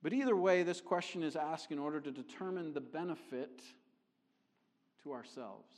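Middle-aged preacher in a reverberant church. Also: male voice, fairly high pitch, normal speed. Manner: conversational, joking, animated when building a point. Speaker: missionary preacher. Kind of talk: sermon. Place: church sanctuary. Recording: long hall reverb.

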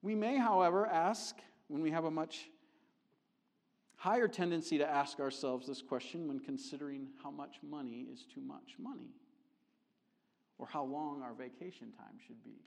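A middle-aged man preaching a sermon as a visiting missionary, conversational and joking, growing animated as he builds a point. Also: fairly high pitch, moderate pace, gravelly. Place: church sanctuary. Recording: long hall reverb.

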